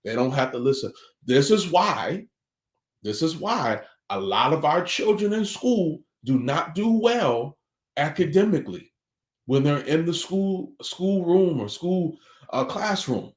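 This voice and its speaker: A man with a noticeably high voice delivers a morning motivational talk on family life, speaking in an echoey room. He is earnest and preachy, pressing his listeners with one pointed question after another. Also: big pitch swings, unhurried.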